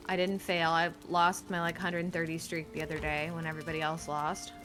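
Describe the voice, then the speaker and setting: A woman co-streaming a game, chatting casually in a soft-spoken, hesitant way that often trails off. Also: fairly low pitch, steady tone, moderate pace, hardly any pauses, soft background music. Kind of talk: casual gameplay chat.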